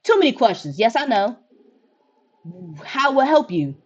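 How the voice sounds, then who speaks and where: A woman's voice: a little high, big pitch swings, unhurried, muffled recording. A woman voicing a strange, pushy female visitor who is not human and speaks in blunt, broken English. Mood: creepy.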